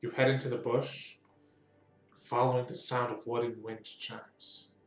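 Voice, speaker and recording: A man running a tabletop game as game master, describing scenes at an unhurried pace with fillers. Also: mid-range voice, little pitch movement, echoey room.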